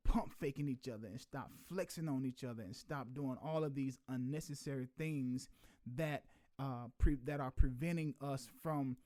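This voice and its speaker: A man's voice: mid-range voice, warm tone. A man hosting a casual chat, earnest and heartfelt, filling his speech with "man.". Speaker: host.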